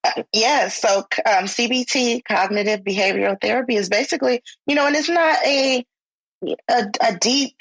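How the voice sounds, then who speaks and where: Female clinician guest, informal and explanatory, husky voice, dry close sound. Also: on the high side, moderate pace, fairly bright tone, no room sound, low-quality recording. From United States. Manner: conversational, acts out quoted speech, informal phrasing. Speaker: licensed clinical social worker, guest. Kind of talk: podcast interview.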